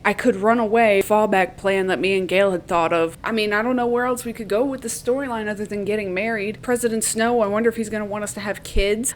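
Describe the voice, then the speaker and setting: A woman's voice: mid-range voice, a little hiss or hum. Chatty Southern woman recapping a book. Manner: swearing, chatty, with playful asides. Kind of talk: casual recap chat.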